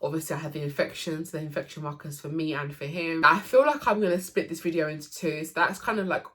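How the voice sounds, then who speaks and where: A young woman with a low voice tells a personal story straight to camera. She speaks casually and with emotion, often restarting her sentences and filling gaps with "like". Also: quick pace, sharp tone. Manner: emotional, lots of fillers and restarts. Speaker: vlogger.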